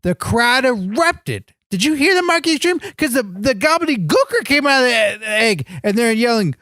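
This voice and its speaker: A man's voice: extremely high pitch, sing-song, normal speed, pushed and bright, no echo, clean studio sound. A man co-hosting a comedy podcast, earnestly enthusiastic in a goofy way. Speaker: podcast co-host. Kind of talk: comedic banter.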